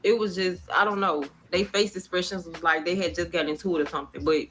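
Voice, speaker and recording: A woman's voice: lowish voice, fairly even intonation, fast, a bit bright, low-quality recording. A woman casually telling a storytime to her viewers, chatty, repeating herself and addressing the audience often, recorded while on a break at work. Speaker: storytime vlogger.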